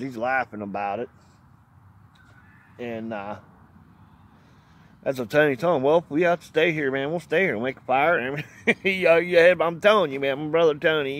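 A man telling a hunting story in a rambling, folksy way, laughing often and cursing now and then. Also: medium pitch. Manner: plainspoken, mild cursing. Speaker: outdoors vlogger. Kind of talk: casual storytelling.

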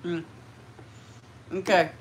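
A woman's voice: on the low side, flat delivery, very slow, slight background noise. A woman hosting a casual eating livestream, chatting and giggling with viewers and a friend. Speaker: mukbang livestream host.

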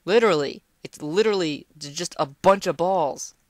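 A woman's voice: lowish voice, normal speed, no room sound. A young woman commentating a game at home, talking to the screen with playful outbursts and teasing. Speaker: gameplay commentator. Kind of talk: casual let's-play commentary. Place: home room.

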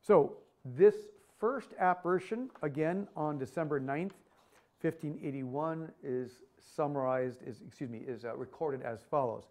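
A middle-aged man giving an academic lecture in a measured, earnest way, often pausing with "uh" between phrases. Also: mid-range voice, a little mellow. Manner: measured, earnest, with frequent "uh" pauses.

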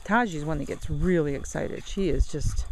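A woman who owns several dogs, chatting casually outdoors on a windy, chilly day. She switches between coaxing baby talk and sharp commands. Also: sits low, normal speed, poor audio. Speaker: dog owner. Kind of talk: casual vlog chat.

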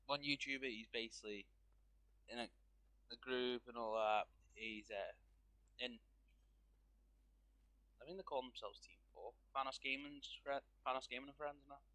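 A man's voice: medium pitch, bright, forceful tone, no echo. Rambling man commenting on his gameplay. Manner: rambling, restarts sentences, many fillers. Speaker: gaming YouTuber.

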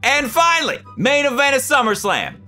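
A young man narrating his wrestling sim playthrough with a high, bouncy, very animated voice. His tone is bright and sharp, and he swings between sudden shouted reactions and low muttered asides. Faint music plays behind him. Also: normal speed. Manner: excitable, swings from loud outbursts to mumbled asides. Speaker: gaming YouTuber. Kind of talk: gaming commentary.

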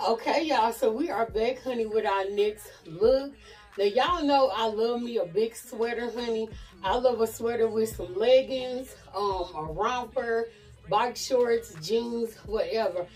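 A fashion vlogger from Nashville, USA, chats casually to camera with a Southern American accent during an outfit try-on, constantly saying "y'all" and "honey." Her mid-range voice has a darkish tone and sounds far from the mic on a rough recording.

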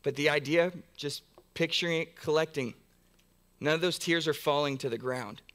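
A man's voice: fairly high pitch, normal speed, fairly bright tone. A man pastor preaching a sermon in a church, earnest, building through long repeated phrases with frequent restarts. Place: church sanctuary.

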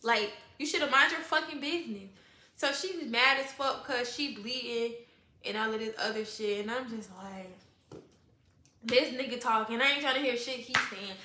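A young woman, telling a profane, animated storytime and acting out quoted voices. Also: fairly high pitch, moderate pace, echoey room, slight background noise. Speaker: vlogger.

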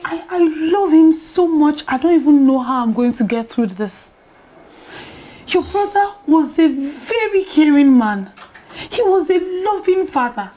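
Brief: a grieving widow, high but mellow voice, earnest and pleading. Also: female voice, a little hiss or hum. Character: grieving young widow, accused, pleading innocence.

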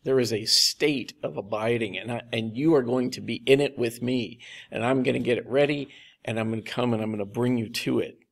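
Brief: male pastor, mid-pitched and gravelly, chatty sermon delivery with slow, emphatic repeats. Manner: conversational, with slow, emphatic repetition.

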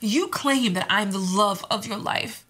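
An actress playing a guilty, defiant ex-fiancée who pleads and accuses by turns. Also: female voice, mid-range voice, a little slow, a bit bright, slightly rough. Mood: emotional. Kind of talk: romantic drama acting.

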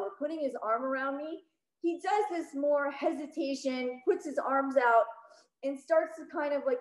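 A woman telling a personal story on stage, emotional and quick, with many "like"s. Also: high-pitched, expressive. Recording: roomy echo.

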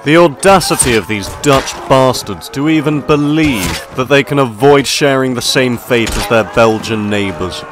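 A man's voice: mid-range voice, animated, moderate pace, few pauses. A man giving in-character gameplay commentary, with mock-pompous officer-style banter. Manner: mock-pompous upper-class officer banter, laughs at own jokes. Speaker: gaming video creator. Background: faint background music.

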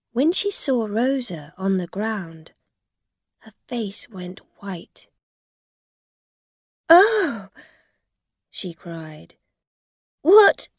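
A woman narrating a story for English learners in a calm, deliberate way. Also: mid-range voice, vocal fry, no echo, studio quality.

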